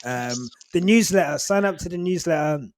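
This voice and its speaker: A man's voice: a little high, lively intonation, moderate pace, no echo, clean studio sound. A man hosting a podcast in a casual chat, rambling with lots of fillers and getting emotional. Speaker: podcast host.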